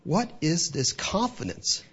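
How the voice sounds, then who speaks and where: Male preacher with a husky voice, mid-sermon, firing rhetorical questions, captured on a muffled recording. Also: a little high, takes it slowly. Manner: rhetorical questions, voices the devil's taunts, lively delivery. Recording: dull lo-fi recording.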